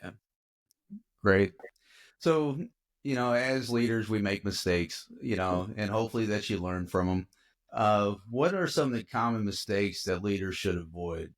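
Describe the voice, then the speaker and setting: Male podcast host, somewhat low voice, halting, filler-heavy questions. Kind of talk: casual interview questions.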